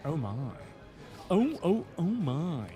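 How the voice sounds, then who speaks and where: A young man commentates a live esports match, his voice sitting high for a man. He drifts into silly banter during lulls and rattles off the action when fights break out. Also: very animated, slow pace, music in the background. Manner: jokey, rambling banter, speeds up for action. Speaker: esports caster.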